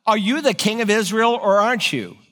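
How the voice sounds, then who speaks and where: A man's voice: high voice, expressive, a little fast, a bit bright, in a large hall, pitched above the performer's own voice. Man putting on a taunting scheming queen. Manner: taunting, mocking. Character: scornful scheming queen, woman, domineering.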